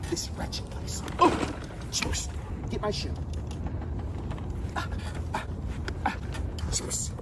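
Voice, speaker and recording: A man's voice: drawn-out words, pauses often. Whiny theatrical man on a noisy street clip. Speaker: internet skit performer. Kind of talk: comic skit. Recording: noisy outdoor phone clip.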